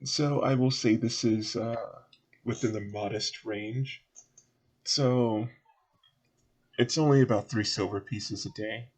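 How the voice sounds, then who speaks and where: A man's voice: mid-range voice, fairly even intonation, slow, pauses often, darkish tone, husky. A man with a Southern US accent, narrating casually as game master and laughing between lines.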